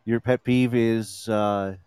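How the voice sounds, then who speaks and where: A man's voice: lowish voice, fairly even intonation, slow pace, a little mellow, slight background noise. A man hosting a casual podcast, prompting his guests with easygoing questions. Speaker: podcast host.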